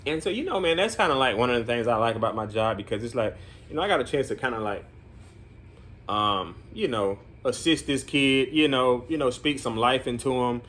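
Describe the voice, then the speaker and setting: A man's voice: medium pitch, expressive, fairly quick, fairly bright tone. A man working as a group home counselor, telling a story in casual vlog talk, rambling with many fillers and earnest, encouraging asides.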